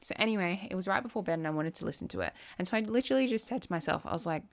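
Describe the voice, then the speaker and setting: A young woman vlogger talking casually to the camera, chatty and quick to act out little quoted asides. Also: fairly low pitch, lively intonation. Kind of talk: casual chat.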